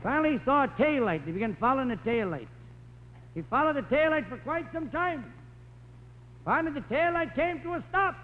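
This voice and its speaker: A man's voice: very high-pitched, lively intonation, brisk, in a large hall. A man telling rambling joke stories as a stand-up comedian on a telethon stage. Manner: wisecracking, rambling anecdotes. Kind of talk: stand-up storytelling. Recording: tinny 1950s broadcast recording, faint hiss.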